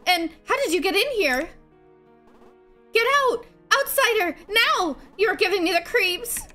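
Woman voicing a game lady, indignant, scolding, high, bright. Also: sing-song, normal speed, soft background music, full character voice. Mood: outraged. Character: indignant woman shouting at an intruder.

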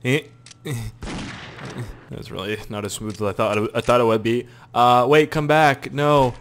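Over a slight hiss or hum, a young Canadian man speaks at a medium pitch and normal speed. He's a gaming YouTuber delivering crude, jokey commentary full of profanity and energetic outbursts.

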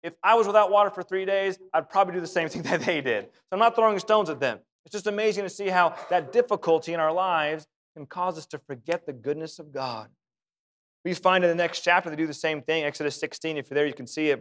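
A man's voice: on the high side, quick pace, fairly bright tone. A man preaching a sermon in a church, emphatic and given to repeating phrases for effect. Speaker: pastor.

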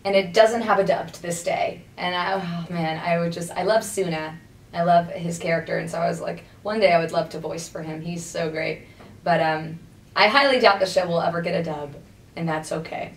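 Texan woman, voice actor, lively and chatty, slightly low voice, recorded from a distance in an echoey room. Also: brisk. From Texas. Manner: chatty, animated, laughs often. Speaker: voice actor guest. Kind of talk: casual convention interview. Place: busy convention venue. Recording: echoey room, far from the mic, faint noise.

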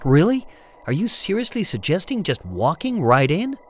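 Dude voicing a cautious young woman co-pilot, way higher voice, sharp and warning. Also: very animated, normal speed, slight background noise. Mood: alarmed.

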